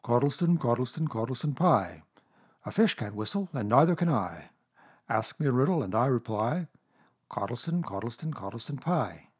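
A man's voice: a little high, sing-song, moderate pace, pauses often, dark tone, breathy edge. Pooh, a man doing a kindly simple bear. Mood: sing-song. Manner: innocent, sing-song. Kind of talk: storybook reading.

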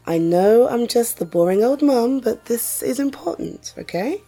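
Woman acting out a mum in her 40s, self-assured, teasing, flirtatious, warm mellow voice, drawling pace. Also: on the high side, lively intonation, measured pace, faint music behind. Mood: playful, bossy. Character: confident wealthy mother, teasing and flirtatious. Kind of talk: listener-directed audio role-play.

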